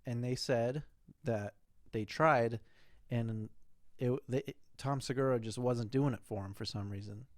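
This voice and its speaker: A man's voice: mid-range voice, fairly even intonation, unhurried, dry recording, studio quality. A young man hosting his own show, answering listener questions in a loose, rambling casual chat with plenty of fillers and swearing.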